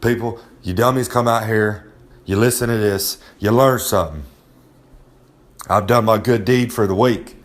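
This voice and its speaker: With a natural, fairly low voice at a moderate pace, the recurring segment host slips into a boastful male pro wrestler persona. His comedic monologue rambles on, cocky and talking down to whoever is listening.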